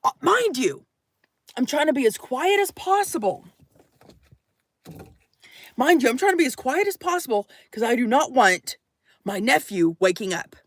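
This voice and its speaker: A young woman telling a story to her camera from inside her minivan, jumping between loud acted quotes and hushed asides. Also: fairly high pitch, no echo, studio quality. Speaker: vlogger.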